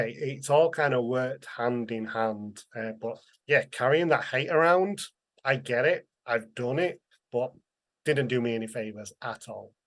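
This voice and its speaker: Earnest man. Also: mid-range voice. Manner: earnest, emotional, acts out quoted voices. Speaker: interview guest, author. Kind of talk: candid conversational storytelling.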